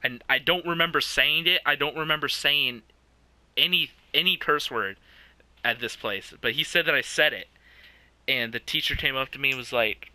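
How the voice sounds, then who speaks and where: A man's voice: medium pitch, moderate pace, pushed and bright, dry recording. A young man co-hosting a podcast, telling a childhood story in casual chat, laughing often and swearing. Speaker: podcast co-host.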